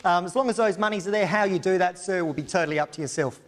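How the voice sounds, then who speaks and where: Man, auctioneer, fluent and formal, high-pitched voice, reverberant hall. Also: quick pace. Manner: confident, formal, fluent patter. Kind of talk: auction terms and sales pitch.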